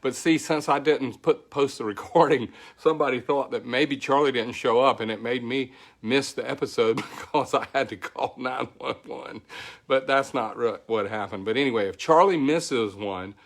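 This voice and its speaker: A rambling, folksy man with a Southern country drawl and a voice still a little hoarse from recovering. He talks in an easygoing, grateful way, greeting viewers one by one as the host of his weekly livestream. His pitch sits in an ordinary middle range. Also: normal speed. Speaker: host of a weekly tech show.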